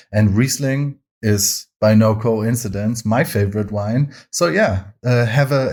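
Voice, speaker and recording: Man, low register, measured and wry guest explainer. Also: a little mellow. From Germany. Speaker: interviewed guest. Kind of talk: casual explanation to camera.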